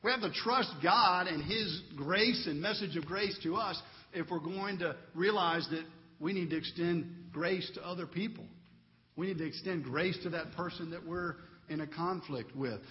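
In a big church with a long, echoing sound, a high-voiced man in his thirties gives a talky sermon at a moderate pace. He tells family-life stories and closes in prayer, though the recording comes across dull and muffled.

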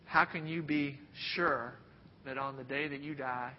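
A man preaching a sermon and telling stories, swinging from loud bursts to hushed near-whispers. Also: steady tone, a little slow. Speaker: pastor. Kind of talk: sermon with storytelling. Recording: dull sound with long hall reverb, faint rumble.

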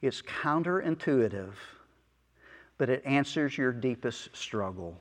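Slow, earnest man preaching in a hall. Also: mid-range voice, animated. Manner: slow, earnest preaching with soft asides and chuckles. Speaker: pastor. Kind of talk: sermon.

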